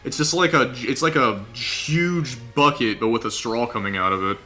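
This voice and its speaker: An American man in casual chat, quick and teasing with his friends. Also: medium pitch, bright, forceful tone, faint music behind. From United States.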